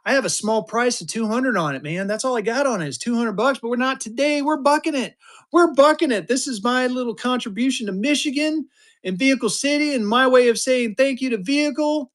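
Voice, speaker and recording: A man in his fifties running a live-stream auction, talking fast and joking through his patter. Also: extremely high pitch. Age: 50s. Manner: energetic, joking, drawling "y'all" asides.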